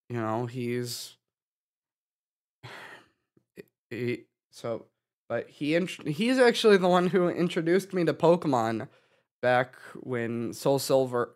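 A young man speaks slowly and haltingly, tearful after crying, often sighing and restarting his sentences. His voice sits in a middle pitch as he talks through a personal update for his channel. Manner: halting, with many restarts and sighs. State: tearful, having been crying. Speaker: gaming YouTuber.

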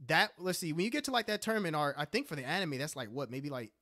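Man, podcast co-host, casual chat, slightly high voice, relaxed, reflective, dry close mic. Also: quick pace, no room sound. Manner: relaxed, reflective, many fillers.

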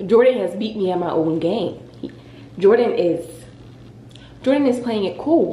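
A young woman casually telling a dramatic story on her vlog, in a lively, expressive way. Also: mid-range voice, normal speed, slight background noise. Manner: dramatic, animated retelling. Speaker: vlogger. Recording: echoey room.

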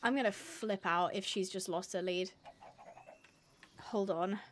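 A woman's voice: medium pitch, unhurried, slight background noise. A woman streaming a game live, chatting and mocking herself as she talks to her animals. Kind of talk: live gameplay commentary.

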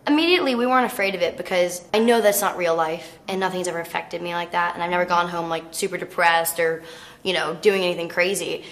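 A woman's voice: lowish voice, fast. Chatty teen girl. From United States. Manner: chatty and animated, with many fillers like "um" and "like". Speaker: actress interviewee. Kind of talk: casual interview anecdotes.

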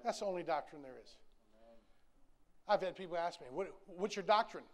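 A man's voice: sits high, fairly quick. Emphatic folksy preacher man in his sixties. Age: 60s. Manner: emphatic, folksy and repetitive, with humor. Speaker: pastor. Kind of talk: sermon.

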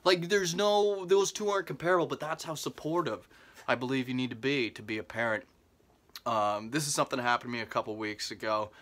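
A young comedian telling a rambling comic story in a home vlog, full of asides and fillers, now and then leaping up into mock disbelief. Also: male voice, fairly quick, fairly bright tone. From Canada. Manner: jumps into exaggerated high disbelief. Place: parents' basement.

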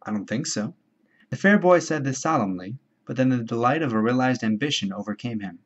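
A man reading a novel aloud in a measured, steady storytelling voice. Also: medium pitch. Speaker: audiobook reader. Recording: dull lo-fi home recording.

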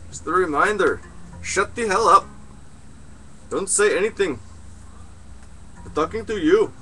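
A man playing a grandiose, deadpan male foreign psychic who speaks broken English and drops articles. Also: sits high, unhurried, husky, pitched above the performer's own voice, heavily acted. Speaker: comedy performer. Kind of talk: improvised comedy skit.

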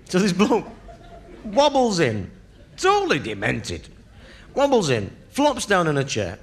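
A man's voice: high voice, huge pitch swings, unhurried, pauses often, a little hiss or hum. A man, a stand-up comedian telling a story in a conversational, punchy way and checking in with the crowd. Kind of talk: live comic storytelling.

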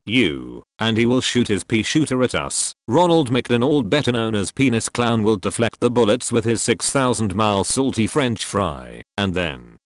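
Low-voiced man in giggly crude monologue. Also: no echo, clean studio sound. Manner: gleeful, giggling, sing-song chants. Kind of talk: crude comic monologue in character.

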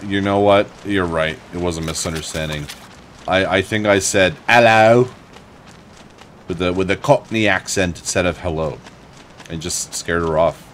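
A man's voice: deep voice, steady tone, normal speed, fairly bright tone, a little hiss or hum. A young man giving casual, sarcastic gameplay commentary as a let's play host, swearing freely and joking at the game.

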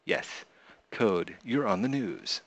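During a relaxed live stream, a male game creator reads viewer messages aloud and responds with playful humor, often laughing. His voice sits on the low side, his pace is slow and unhurried, and the recording is dry.

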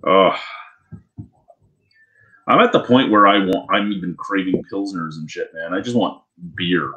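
A man's voice: low voice, unhurried, sharp tone, highs cut off. A man co-hosting a podcast, telling rambling stories with lots of swearing and restarts in casual chat. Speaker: podcast co-host.

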